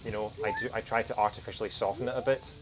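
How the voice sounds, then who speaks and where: A young man with a strong non-American accent chats casually while streaming a game, his voice on the low side with fairly even intonation and a rapid-fire pace. He's hesitant and self-deprecating, full of fillers and restarts, with music playing behind him.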